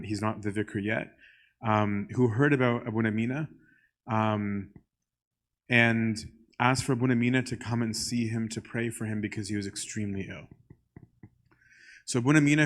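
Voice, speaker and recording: A male priest giving a casual church teaching talk, conversational and full of "um" and "right?". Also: on the low side. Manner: conversational, often asks "right?"; frequent "um" fillers.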